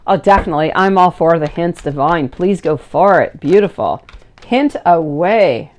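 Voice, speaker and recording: A woman's voice: on the low side, lively intonation, normal speed, darkish tone, a little hiss or hum. A woman in her thirties giving a live-stream tarot reading in a chatty, affectionate way, calling viewers sweetie and beautiful. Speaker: tarot reader.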